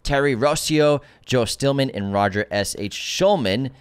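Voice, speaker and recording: A man's voice: medium pitch, a little slow, clear, resonant tone. A man co-hosting a movie podcast, talking casually and trading teasing banter with his co-host.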